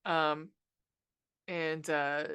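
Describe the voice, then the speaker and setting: A woman's voice: low-pitched, flat delivery, very slow, a bit bright, clean tone. A woman hosting a podcast, ranting sarcastically about a movie with lots of swearing and fillers. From United States. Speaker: podcast host reviewing a film. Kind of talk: casual movie review monologue.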